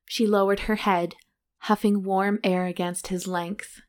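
A woman's voice: mid-range voice, flat delivery, a little slow. A woman co-hosting a chatty podcast, reading passages from a romance novel aloud and joking about them. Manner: giggly, reads passages then jokes about them. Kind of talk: casual chat and reading aloud.

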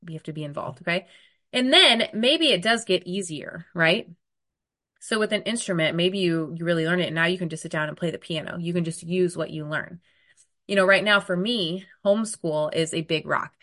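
A woman in her thirties coaching an online group on weight loss, talking bluntly and often checking in with "okay?", a little hoarse from a cold. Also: lowish voice, fairly bright tone. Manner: direct, emphatic, frequent "okay?" check-ins. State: getting over a cold, occasional cough.

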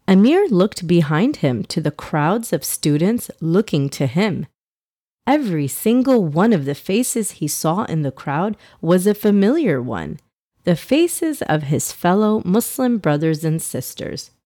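A woman reading a children's story aloud in a gentle, even storytelling manner. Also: fairly low pitch, breathy edge, no echo, studio quality.

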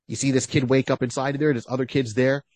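A man's voice: medium pitch, steady tone, fast talker, a little mellow, dry recording. A man co-hosts a podcast, retelling a story at length in a loose, filler-heavy way. His voice sits in a middle range. The sound is dry and close. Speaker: podcast co-host. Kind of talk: casual chat.

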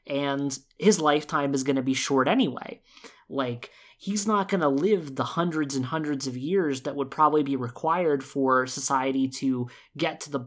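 Excitable, rambling podcast co-host. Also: mid-range voice. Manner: rambling, excitable, lots of fillers. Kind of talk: casual recap chat.

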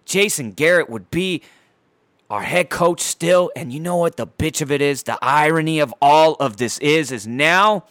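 A man's voice: a little high, normal speed, fairly bright tone, no echo, clean studio sound. A man at home by his TV, delivering a heated, profane and sarcastic rant about his sports team. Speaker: sports fan ranting on his channel.

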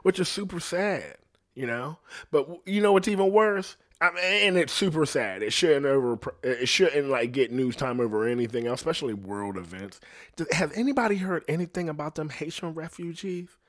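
A man hosting a podcast in a casual, profane rant, rambling and trailing off quietly, often laughing at himself. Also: fairly high pitch, normal speed. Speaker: podcast host.

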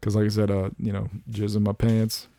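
A man's voice: on the low side, completely flat delivery, a little fast, gravelly, warm tone, no room sound, studio quality. A man co-hosting a podcast in casual chat, enthusiastic, laughing often and swearing casually. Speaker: podcast co-host.

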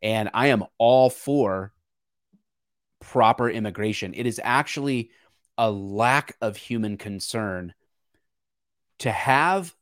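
This man has a fairly low voice and talks earnestly, often restarting his sentences while he works through a point. He sounds like a podcast co-host in casual discussion, recorded close and dry with no room sound. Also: takes it slowly, pauses often, no room sound. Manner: earnest, searching, with many restarts.

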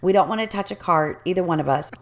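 A woman spins a long, casual anecdote for her co-host. Her voice sits a little low for a woman. She tells it with plenty of animation and acts out each person in the story. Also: fast.

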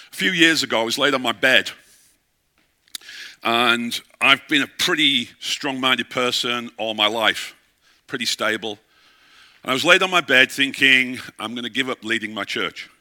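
Bright-voiced man preaching a sermon. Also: medium pitch. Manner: storytelling preacher, asks the crowd questions. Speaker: pastor.

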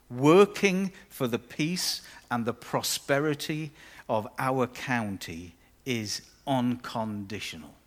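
A man preaching a sermon as pastor, conversational and with playful asides. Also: mid-range voice.

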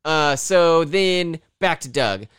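A man talks through a film's plot in a loose, rambling way, cursing freely and slipping into quick quoted voices. His voice is clear and smooth, sitting somewhat high, and the sound is close and dry. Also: lively intonation, a bit bright, dry recording. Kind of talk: casual chat recapping a film.

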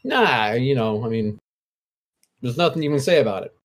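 A man's voice: mid-range voice, animated, moderate pace. A man co-hosting a horror movie podcast, chatting casually and raving enthusiastically. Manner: enthusiastic, effusive. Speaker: podcast co-host. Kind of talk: casual chat.

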